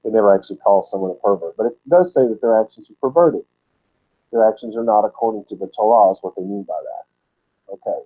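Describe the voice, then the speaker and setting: A man teaching from the Bible in a sermon style, explaining word roots and repeating key words slowly for emphasis. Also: fairly low pitch. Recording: dull lo-fi recording.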